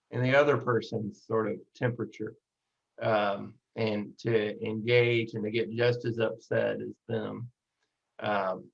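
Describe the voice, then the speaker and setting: A man's voice: fairly low pitch, gravelly, dull audio. A man hosting an interview who reflects thoughtfully and hesitantly, with frequent ums. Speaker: podcast host. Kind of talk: conversational interview.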